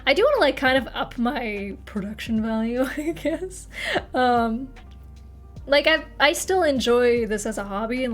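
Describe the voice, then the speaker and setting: A young woman streamer chatting casually to her live audience, rambling, swearing freely and laughing often. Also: a little high.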